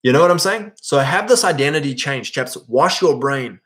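A man gives a relaxed, conversational sermon. His tone is earnest and exhorting, and he urges his audience on. He often slips into acting out the prayers he quotes. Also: a little high, moderate pace. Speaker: Christian speaker. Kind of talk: casual sermon.

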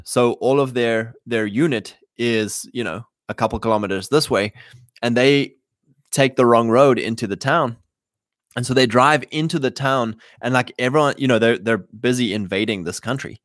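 A man's voice: medium pitch, fairly bright tone, no room sound, clean studio sound. A man hosting a livestream, talking in a loose monologue full of restarts and fillers. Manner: rambling, many fillers and restarts. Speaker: show host.

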